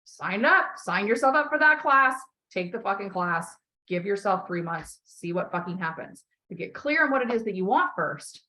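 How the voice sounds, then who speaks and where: A woman's voice: mid-range voice, animated, normal speed, pushed and bright. A woman life coach on a call, talking bluntly and emphatically, swearing often and repeating key phrases to encourage her client.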